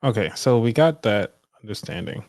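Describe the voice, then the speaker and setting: A man's voice: on the low side, expressive, moderate pace, darkish tone, no room sound. A man hosting a live money show, talking loosely and offhandedly with trailing asides. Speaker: podcast host. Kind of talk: casual live demonstration.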